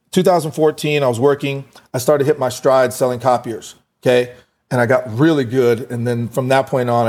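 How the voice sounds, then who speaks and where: A man's voice: mid-range voice, a little mellow. Earnest man telling a personal story. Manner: earnest storytelling, acts out quoted dialogue. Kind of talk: casual podcast conversation.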